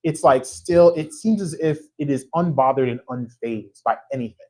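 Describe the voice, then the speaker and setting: Animated male author telling stories. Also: mid-range voice, normal speed, poor audio. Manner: animated, anecdotal, with a frequent tag question asking the audience to agree. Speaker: author discussing his book. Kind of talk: storytelling conversation before a live audience. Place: church event space.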